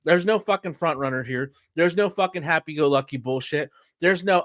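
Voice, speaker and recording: Ranting man, higher voice. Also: normal speed, hardly any pauses, fairly bright tone, no echo, studio quality. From Philadelphia. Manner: heated, profane ranting. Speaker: podcast co-host. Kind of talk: casual sports chat.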